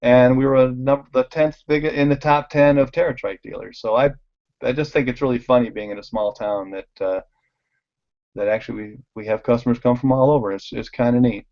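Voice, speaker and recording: With the highs cut off, this man's mid-range voice moves fairly quickly as he tells casual stories over slides. He runs a bike shop, and he animatedly acts out the people's voices while laughing frequently.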